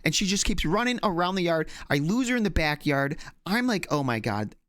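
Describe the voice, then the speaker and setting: A man's voice: sits high, expressive, fairly quick, fairly bright tone, no echo, studio quality. A man co-hosting a podcast, telling a long story in a casual, rambling way with lots of fillers, restarts and swearing. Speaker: podcast co-host.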